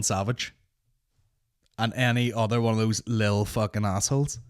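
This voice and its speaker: A man hosts a comedy podcast in a slightly low voice. He rants with plenty of swearing and mocking asides, and his delivery stays animated throughout. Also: moderate pace, pauses often, clear, resonant tone. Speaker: podcast host.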